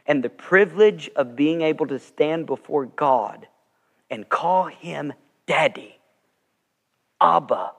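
A man's voice: fairly high pitch, expressive, slow pace, gravelly, long pauses. A man preaching a sermon as pastor, telling stories earnestly and swelling with emphasis. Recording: long reverb of a large sanctuary.

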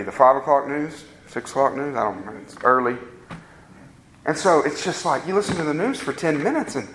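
A man preaching a sermon as a pastor, with rising emphatic peaks and slow, drawn-out stresses on key words. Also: fairly high pitch, a bit bright, reverberant, rough recording.

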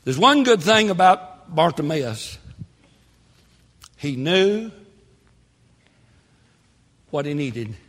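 Preacher guy going up and down a lot, bright voice, big church echo. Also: on the high side. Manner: animated preaching with sudden shouts and quick asides. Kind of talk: sermon. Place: church sanctuary. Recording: long hall reverb.

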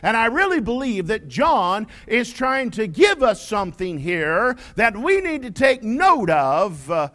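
A male pastor preaching a sermon, stressing his points and reading scripture slowly. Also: sits high, sing-song. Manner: preaching with rising shouted emphasis and slow scripture reading.

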